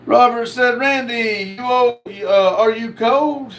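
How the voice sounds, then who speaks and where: A man hosting a casual livestream, reading viewer comments aloud in a slow drawl. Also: very high voice, a bit bright, slight background noise. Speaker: livestream host reading chat.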